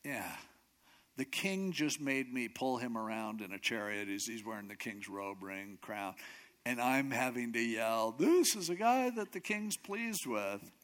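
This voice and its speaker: A man's voice: on the low side, measured pace, a bit bright. A man doing a sulking, scheming official. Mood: glum. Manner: glum grumbling, then frantic begging. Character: scheming royal official, sulking and self-pitying.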